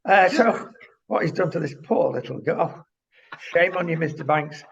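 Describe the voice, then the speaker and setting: A man's voice: on the high side, expressive, moderate pace, gravelly, fairly bright tone. A man co-hosting a talk show who speaks indignantly and addresses the viewer directly. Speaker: co-host. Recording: dull lo-fi sound.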